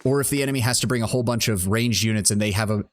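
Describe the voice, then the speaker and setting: Low-voiced man thinking aloud over a game. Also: very fast. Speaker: streamer. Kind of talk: casual gameplay commentary.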